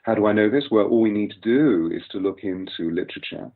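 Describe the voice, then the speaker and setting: A man's voice: on the low side, fast. An older English man with a Received Pronunciation accent, explaining at length as a voice coach guest in an interview, articulate and lecturing. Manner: articulate, lecturing, long flowing sentences. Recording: tinny phone-like sound.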